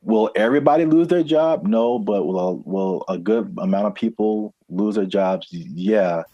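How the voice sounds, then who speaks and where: A relaxed man co-hosting a podcast, easygoing and quick to laugh. His voice sits fairly low. The sound is close and dry, with no room echo. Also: highs cut off. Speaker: podcast co-host. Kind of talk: casual podcast chat.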